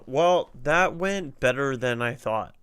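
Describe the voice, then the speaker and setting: Slow, smooth-voiced man streamer muttering. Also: mid-range voice, animated, fairly bright tone. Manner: mutters and swears while puzzling out crossword clues. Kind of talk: casual stream commentary, thinking aloud.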